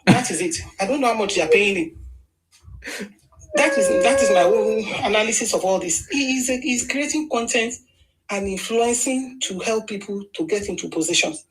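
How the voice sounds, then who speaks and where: A Nigerian woman delivers forceful political commentary, pressing her points and circling back to repeat them. Her pitch sits in a middle range for a woman, and she argues with steady insistence. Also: normal speed, slight background noise, low-quality recording. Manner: emphatic, argumentative, repeats phrases for stress.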